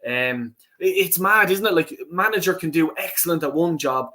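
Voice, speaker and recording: A man's voice: a little high, expressive, normal speed, sharp tone. Swearing Irish man on a live stream. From Ireland. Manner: swears freely, frequent ums and restarts. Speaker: channel host reading live chat. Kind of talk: casual live-stream chat.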